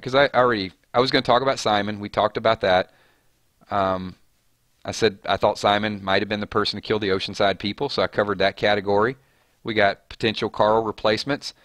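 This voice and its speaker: On a casual live stream, a man with a fairly low voice chats loosely and reads out comments from viewers. His delivery is animated, leaping upward whenever he hits a name or a question. The audio is studio quality with no room sound.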